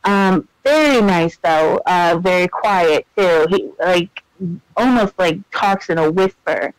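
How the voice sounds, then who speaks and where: A podcast co-host tells a story in casual chat, animated and laughing often, with plenty of fillers. His high, slow voice has a clean tone with no room sound, though the recording is rough.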